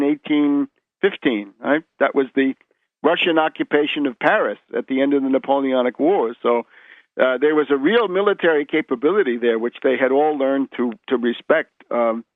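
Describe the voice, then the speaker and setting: A man's voice: fairly high pitch, dry recording. A man guest on a radio interview, lecturing emphatically and often repeating words and tagging "right?". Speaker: guest historian. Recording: tinny phone line.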